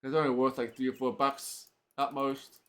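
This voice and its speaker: A man's voice: medium pitch, level tone, normal speed. A man streaming an old computer role-playing game, thinking aloud casually with lots of filler words. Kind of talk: let's play commentary.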